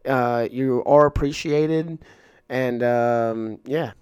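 A man's voice: mid-range voice, unhurried, a little mellow, clear, resonant tone, no room sound, clean studio sound. A man hosting a podcast, telling stories in a casual, rambling way with lots of fillers and frank talk. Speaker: podcast host. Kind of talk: casual storytelling monologue.

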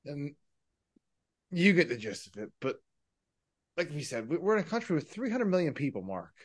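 A man co-hosting a podcast, rambling in casual political talk with halting restarts and rhetorical questions. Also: fairly high pitch, very animated, husky. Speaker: podcast co-host.

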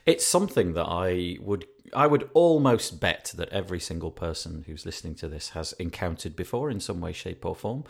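A middle-aged man with a Northern English accent, hosting a podcast interview in a chatty, animated way and laughing easily. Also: low voice, moderate pace, creaky, few pauses, slightly rough. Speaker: podcast host.

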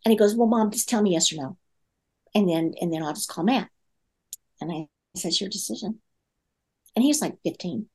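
A middle-aged woman with a lowish voice tells a story in conversation. She acts out both sides of an exchange and leans on plenty of fillers as she goes. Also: brisk, pauses often. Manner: animated storyteller acting out dialogue, many fillers. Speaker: guest parenting speaker.

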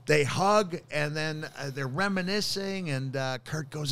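A man's voice: on the high side, unhurried, vocal fry. A man telling a funny story as a podcast guest, chuckling as he goes. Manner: animated storyteller, chuckles through his stories. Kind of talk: casual anecdote telling.

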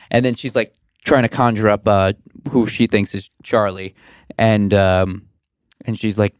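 Lively, low-voiced male podcast co-host. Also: normal speed, clean tone, dry recording, studio quality. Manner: animated retelling with laughs and acted-out quotes. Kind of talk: casual movie review chat.

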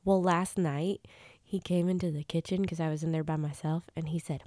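A woman's voice: sits low, fairly even intonation, fairly quick, dark tone, no room sound, clean studio sound. A woman in her thirties co-hosting a podcast from home, chatting casually, telling stories and laughing often. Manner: chatty, giggly, storytelling. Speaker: podcast co-host. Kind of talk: casual chat.

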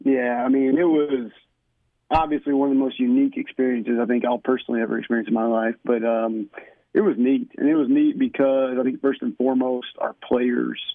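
A young man phones in to a radio show as a guest, speaking at an ordinary pitch. He tells stories in a relaxed, chatty way. The line is thin and tinny with a close, dry sound. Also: a little fast, dry recording. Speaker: college basketball coach, guest.

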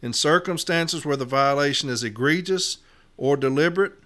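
A man's voice: a little high, normal speed, fairly bright tone. A man hosting an episode, earnestly explaining a labor arbitration decision and reading contract language aloud with emphasis. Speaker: union steward and podcast host.

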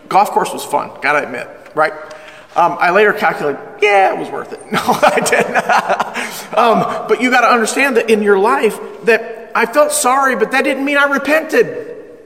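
Bright, energetic middle-aged male pastor. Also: sits high, long reverb tail. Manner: energetic, humorous, emphatic preaching, slowing down for scripture. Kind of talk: sermon. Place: church.

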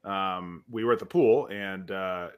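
A man's voice: sits low, a little slow, clean tone, phone-quality sound. A man co-hosting a casual podcast, joking and laughing as he tells stories about his son. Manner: joking, laughs while talking. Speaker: podcast co-host.

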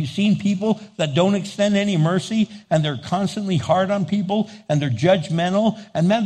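A man preaching in a church with a slightly high, husky voice. He's animated, slipping into little acted-out dialogues and laughing along the way. His voice rings with long reverb from a big sanctuary. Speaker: pastor. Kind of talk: sermon.

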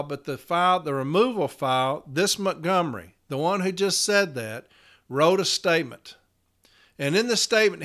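A man's voice: on the high side, a bit bright. A man telling a work story in a casual podcast as a union representative, blunt and emphatic, swearing freely.

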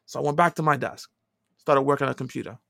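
A middle-aged man casually telling a long personal story, dropping to quiet asides and rising to loud, emphatic lines. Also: mid-range voice, fast talker, vocal fry, no room sound, studio quality. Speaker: podcast co-host telling a story.

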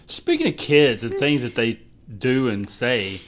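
Male co-host, middle-aged, mid-range voice, expressive storyteller. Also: mid-range voice, a little slow. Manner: relaxed storyteller, acts out quoted voices. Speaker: podcast co-host. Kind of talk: casual chat.

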